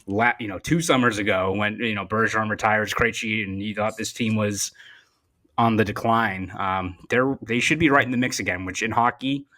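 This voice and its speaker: A man's voice: lowish voice, fairly even intonation, moderate pace, bright, forceful tone. A young man hosting a sports podcast, chatting casually and often repeating words as he thinks. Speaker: podcast host.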